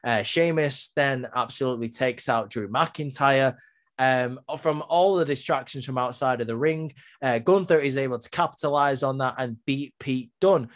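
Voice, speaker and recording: A man talks through a wrestling show recap in a loose, conversational way. He fills gaps with plenty of ums and restarts, then jumps back into his opinions. His voice sits at an ordinary middle pitch. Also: moderate pace. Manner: chatty, many filler ums, acts out quotes.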